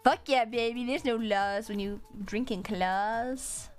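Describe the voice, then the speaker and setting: A woman's voice: on the high side, slow, faint music behind. A woman streamer chatting casually with her viewers while she draws, swearing freely and laughing often.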